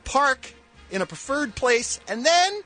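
A man's voice: very high-pitched, sing-song, slow pace, over music. A man with a Philadelphia accent, co-hosting a morning radio show with playful, exaggerated banter. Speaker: radio co-host.

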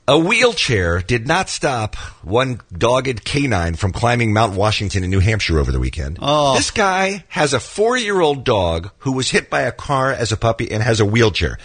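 A man with a rough, sick-sounding voice, co-hosting a morning radio show and sarcastically mocking the news items he reads aloud. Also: medium pitch, fairly bright tone, dry recording. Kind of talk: casual morning radio banter.

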